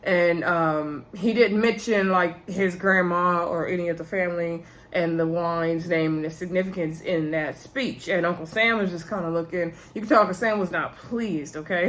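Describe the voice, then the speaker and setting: A woman's voice: on the low side, fairly bright tone. A woman recaps a reality show in a loose, chatty way. She talks straight to her viewers and calls them y'all. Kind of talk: casual recap vlog.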